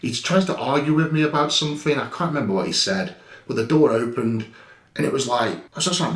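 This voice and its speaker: A man's voice: mid-range voice, animated, brisk, reverberant. A man telling a story over security footage in a blunt, heated way, swearing freely. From England. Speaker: guest recounting an incident.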